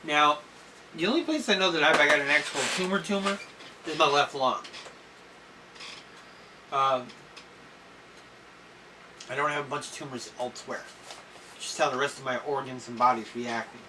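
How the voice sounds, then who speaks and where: A man in a personal video diary, talking haltingly with many fillers and clearing his throat and coughing now and then. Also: fairly high pitch. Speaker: vlogger. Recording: slightly distant mic with faint noise.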